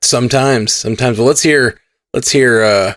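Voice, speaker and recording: A man co-hosting a casual podcast, bantering and teasing quickly. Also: mid-range voice, fairly bright tone, dry recording, clean studio sound. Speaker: podcast co-host. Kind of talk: casual chat.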